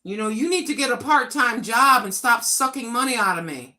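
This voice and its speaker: A woman in her sixties with a fairly high, bright, forceful voice talks straight to her livestream viewers. She vents bluntly and with frustration, swearing freely as she goes. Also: animated, a little fast. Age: 60s. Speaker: livestream host. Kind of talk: casual livestream venting.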